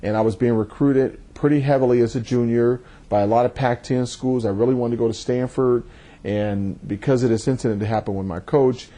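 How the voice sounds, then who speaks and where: A man, a judge, giving thoughtful and measured interview answers, often repeating words as he starts a thought. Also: fairly low pitch, warm tone.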